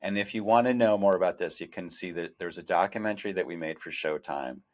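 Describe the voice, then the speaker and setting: Low-voiced man, reflective podcast co-host. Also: quick pace. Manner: reflective, self-deprecating, many restarts. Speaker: investigative journalist, podcast co-host. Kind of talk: conversational podcast discussion.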